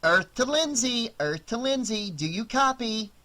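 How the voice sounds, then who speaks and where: A man's voice: high-pitched, big pitch swings, normal speed, a bit bright, pitched above the performer's own voice. A man voicing a wisecracking, sarcastic young woman babysitter in an audiobook, with a raised, lighter voice. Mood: dry sarcastic.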